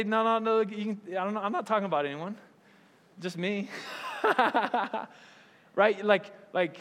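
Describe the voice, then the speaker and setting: A pastor gives a casual sermon, checking in with the crowd by asking "right?" again and again and slipping into little acted voices. His voice sits a touch high for a man. It rings out with a long hall reverb. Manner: chatty, keeps asking "right?", acts out quoted voices. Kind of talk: conversational sermon.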